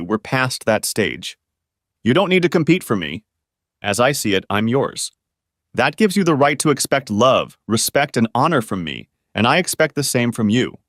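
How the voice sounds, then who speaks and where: A man's voice: medium pitch, a bit bright, no echo, studio quality. A man narrating a first-person relationship story, speaking in an earnest, confrontational storytelling manner.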